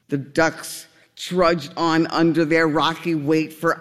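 A man narrating a storybook tale in a gentle, unhurried way. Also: on the high side, long reverb tail.

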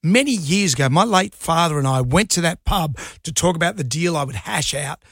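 Jovial middle-aged Australian male co-host, slightly high, husky voice. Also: expressive, brisk, fairly bright tone, no echo, studio quality. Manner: jovial storyteller, laughs often. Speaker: radio co-host. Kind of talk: casual on-air banter and anecdote.

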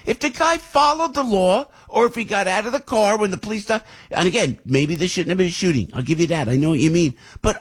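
A male radio host in the studio, talking into the mic in a husky, slightly rough voice. He rambles through his opinions with restarts and asides. His pitch jumps up sharply whenever he gets indignant. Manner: rambling and heated, voice leaps up when outraged. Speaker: radio talk show host. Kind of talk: opinionated morning radio talk.

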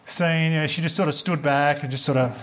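A man with an Australian accent doing a stand-up comedy set live, telling animated stories and acting out the characters, with plenty of swearing. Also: fairly high pitch, fairly quick.

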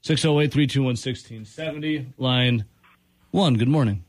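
A man's voice: medium pitch, normal speed, no echo. A man hosting a call-in radio show, playful and joking, shifting his tone for effect. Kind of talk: casual call-in radio banter.

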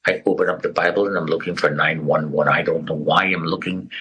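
Husky, low-voiced middle-aged man testifying. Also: fairly even intonation, fairly quick, few pauses, sharp tone, rough recording. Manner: earnest, acts out quoted people. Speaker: guest sharing his survival story. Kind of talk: emotional personal testimony.

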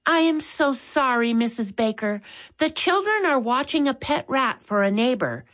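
A woman voicing a kind, caring mother who speaks gently and calmly. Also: sits high, moderate pace, pitched above the performer's own voice. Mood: gentle.

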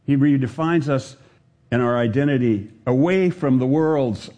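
A man's voice: mid-range voice, unhurried, warm tone. A man preaching a sermon to his congregation, earnest and building, with rhetorical questions to the listeners. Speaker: pastor. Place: church service with a congregation.

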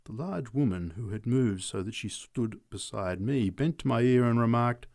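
A man reading a short story aloud as the narrator, in a measured storytelling manner. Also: mid-range voice, a little mellow.

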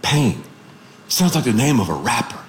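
Lively joking pastor with a high voice. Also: male voice, unhurried, reverberant, a little hiss or hum. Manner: animated, joking storyteller. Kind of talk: radio sermon.

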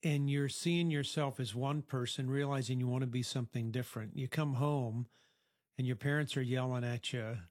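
A man's voice: mid-range voice, fairly even intonation, normal speed, darkish tone, no room sound, clean studio sound. A middle-aged man interviewing a teenager at a youth program, asking probing, reflective questions. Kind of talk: counseling-style interview.

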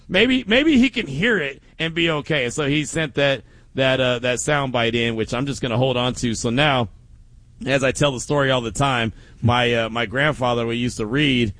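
A man's voice: mid-range voice, moderate pace, dry recording. A man hosting a daily sports talk show, telling stories casually with frequent laughs. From Oakland. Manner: animated storytelling with frequent laughs.

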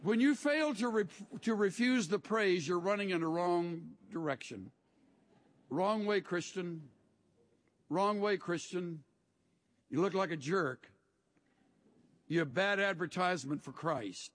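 A man's voice: high voice, animated, measured pace, long pauses. A man preaching a sermon as a pastor, telling stories in a folksy way with dry humor.

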